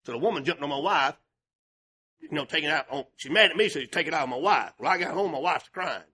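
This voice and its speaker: An older male pastor preaching with passion, swinging between shouted and hushed delivery. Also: fairly high pitch, lively intonation, fast, breathy edge. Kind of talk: sermon.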